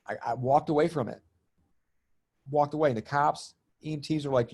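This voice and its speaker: Animated storytelling man, somewhat high voice. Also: moderate pace. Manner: lively, acts out voices in his stories, laughs often. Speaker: guest, spiritual comedian and healer.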